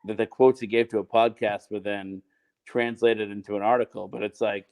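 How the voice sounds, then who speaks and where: A man, a podcast co-host, recounting a story in casual chat, halting and full of fillers. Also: fairly low pitch, little pitch movement, a little mellow.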